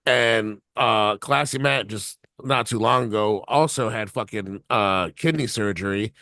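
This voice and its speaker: A man's voice: fairly low pitch, measured pace, hardly any pauses, sharp tone, dry recording, studio quality. A man co-hosting a podcast, telling a long, rambling, profane story and laughing along as he goes. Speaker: podcast co-host. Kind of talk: casual anecdote telling.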